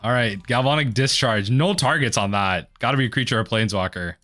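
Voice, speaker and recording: A man commentating his own card game match for a video, muttering quietly at times and then bursting into excited yells. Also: fairly quick, faint music behind. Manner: mutters low then erupts into excited yelling. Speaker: gaming video host.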